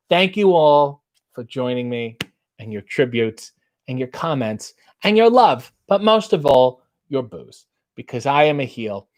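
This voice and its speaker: A man's voice: mid-range voice, sing-song, unhurried, a little mellow. A middle-aged man hosting a casual live stream, reading out viewer comments and bawdy limericks with a playful sing-song lift. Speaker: host.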